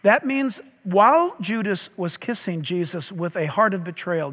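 Middle-aged male pastor, impassioned and loud, high bright voice, big reverberant church hall. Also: lively intonation, a little slow, few pauses, noisy background. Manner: impassioned, loud preaching with dramatic swings. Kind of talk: sermon.

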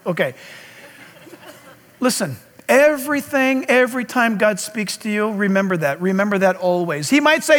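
Animated preacher guy, sharp bright tone, bursts into loud calls mid-sermon. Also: high voice, normal speed, in a large hall. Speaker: pastor.

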